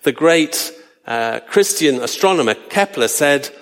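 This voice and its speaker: A man preaching a sermon, earnest and slowing down for emphasis. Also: on the high side, expressive, a bit bright, big-room sound.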